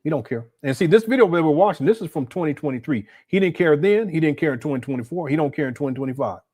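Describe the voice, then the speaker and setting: Colloquial livestream host, incredulous commentary. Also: male voice, on the high side, lively intonation, fast talker, a little mellow. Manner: incredulous, colloquial, stammers and repeats. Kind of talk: casual commentary.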